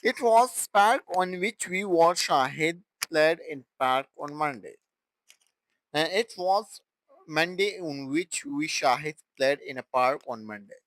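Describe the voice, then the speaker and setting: A man teaching English grammar in a halting way, with restarts and broken phrasing. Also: on the high side, lively intonation, a bit bright, rough recording. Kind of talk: classroom grammar explanation.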